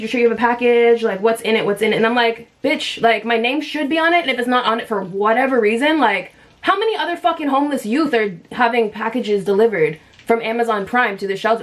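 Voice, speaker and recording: A young woman vlogger telling a story in a blunt, heated, profane way while she does her makeup. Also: on the high side. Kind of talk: storytime vlog.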